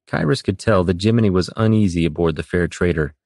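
A man narrating a fantasy novel in a steady, even storytelling delivery. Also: low-pitched, quick pace, vocal fry, no room sound, clean studio sound. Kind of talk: scripted audiobook narration.

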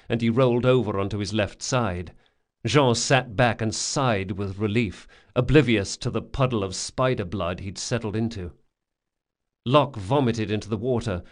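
A man reading a fantasy audiobook in steady, measured scripted narration. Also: lowish voice.

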